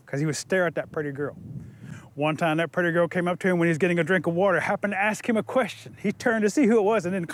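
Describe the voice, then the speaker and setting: Lively, high-voiced man storyteller. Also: fast talker, a little hiss or hum. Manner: lively, animated, addresses listeners. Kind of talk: oral folk storytelling. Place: museum.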